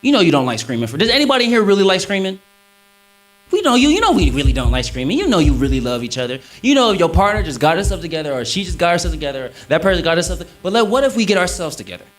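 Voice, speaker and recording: A man's voice: very fast, low-quality recording. A man talking on stage before an audience, preaching on scripture with a preacherly emphasis. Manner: lively, swinging pitch, preacherly emphasis.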